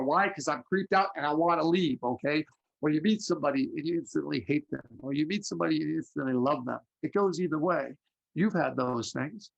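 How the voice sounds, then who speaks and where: A man giving a psychic reading, telling stories with lively acted-out voices. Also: a little high, fast, creaky. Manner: animated storyteller, acts out voices in anecdotes. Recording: lo-fi muffled audio.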